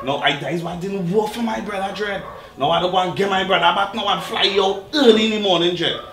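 A man's voice: high-pitched, fast talker, sharp tone, echoey room. An actor with a Trinidadian accent playing a streetwise man who keeps insisting his brother get in the car. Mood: angry. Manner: insistent, repeating orders.

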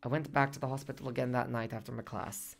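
A man's voice: medium pitch, fairly even intonation, quick pace, vocal fry, lightly acted. A man narrating a radio drama monologue as its main character, reflective and self-reproaching.

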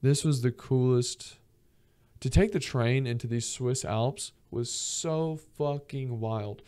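A young man from Georgia hosting a podcast, telling travel stories in a casual, profane, animated way and acting out the people he quotes. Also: medium pitch, takes it slowly, clean tone. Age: young adult. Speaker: podcast host. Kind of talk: casual storytelling monologue.

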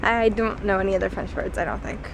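A woman's voice: mid-range voice, fast talker, background noise. A young woman chatting casually and playfully for her vlog, often giggling. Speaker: vlogger.

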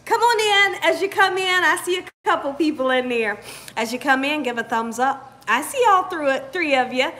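A woman hosts a live cooking stream, her voice high and bright. She talks in a lively, upbeat way, calling out viewers by name as they arrive. She sounds relaxed and chatty. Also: normal speed. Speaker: cooking channel host. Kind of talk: livestream chat greeting viewers.

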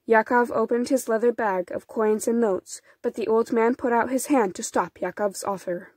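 A woman's voice: medium pitch, measured pace, darkish tone, slightly rough, no echo. Woman reading a storybook, close and dry. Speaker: storybook reader. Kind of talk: children's storybook narration.

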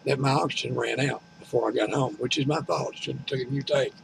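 A man's voice: mid-range voice, steady tone, fast talker, vocal fry, few pauses, a little hiss or hum, low-quality recording. An older man, telling a rambling, complaining story at home and retelling conversations in a folksy way. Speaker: vlogger.

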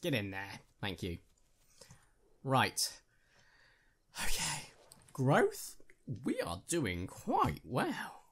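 Gaming youtuber guy, chatty and jokey, voice bouncing all over, mid pitch. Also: wildly swooping pitch, slow pace, pauses often, a bit bright, husky. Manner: chatty and jokey, talks to himself and his viewers. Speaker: gaming channel host. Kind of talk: casual gameplay commentary.

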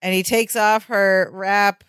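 A woman's voice: medium pitch, level tone, slow, a bit bright, smooth, no echo, clean studio sound. Chatty woman retelling a sitcom episode. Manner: chatty, lots of "like" and "yeah", restarts while retelling. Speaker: podcast co-host. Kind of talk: casual chat recapping a sitcom.

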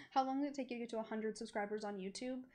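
A young woman streamer giving giggly, chatty gameplay commentary, often cooing over the characters on screen. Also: fairly high pitch.

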